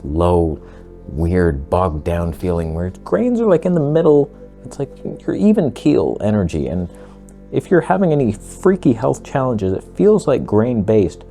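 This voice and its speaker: A man talking casually to camera as a vlogger, blunt, sarcastic and excitable. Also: on the low side.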